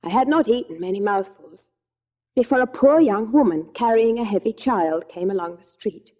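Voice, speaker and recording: A woman narrating an audiobook of a classic children's novel in a measured, gentle reading. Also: mid-range voice. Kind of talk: scripted storybook narration.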